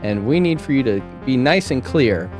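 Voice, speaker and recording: A man's voice: mid-range voice, moderate pace, music in the background. A man hosting a podcast, telling stories casually and acting out the people in them, with some swearing. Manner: animated, acts out quotes, casual swearing. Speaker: podcast host. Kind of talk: casual storytelling chat.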